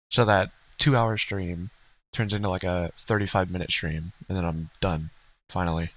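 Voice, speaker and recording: A man's voice: deep voice, fairly even intonation, a little slow, fairly bright tone, low-quality recording. A man co-hosting a livestream in casual, rambling chat, blunt and profane, laughing now and then. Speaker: streamer co-host.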